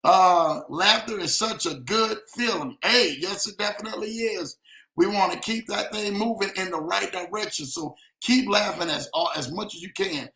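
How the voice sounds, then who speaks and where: A man's voice: sits high, normal speed, sharp tone, echoey room. A man hosting a casual live stream, reading out viewer comments and chatting easily, laughing often and calling people man and brother. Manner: laid-back, laughing, keeps saying man and brother.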